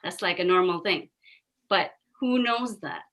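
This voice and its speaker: A woman's voice: on the low side, unhurried, fairly bright tone. A woman co-hosting a casual chat, talking in an earnest, emphatic way. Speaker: podcast co-host.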